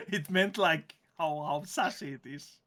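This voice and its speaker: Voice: mid-range voice, lively intonation, slow pace, sharp tone. A game master narrating a tabletop game, chatty and often laughing.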